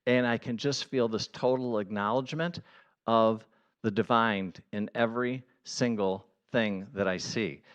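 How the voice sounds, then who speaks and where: A man giving a conversational sermon as a pastor, earnest and building to excited emphasis. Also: medium pitch.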